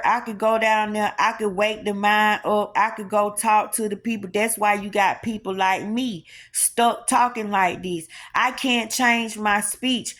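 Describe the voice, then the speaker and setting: A woman's voice: mid-range voice, fairly bright tone. A woman giving an informal spiritual teaching in an emphatic, colloquial, preacher-like way with lots of repetition.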